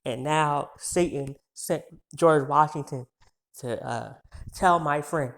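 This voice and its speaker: A man in his twenties tells a story as a heated, profane rant, firing off rapid insults and getting so worked up he trips over his words. His voice is a little high and a bit bright.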